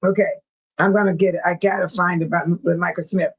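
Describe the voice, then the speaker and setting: A woman's voice: fairly low pitch, fairly even intonation, quick pace, slightly rough, rough recording. A woman hosting her own channel in casual live-stream chat, laughing often and mimicking other people in exaggerated voices. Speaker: channel host.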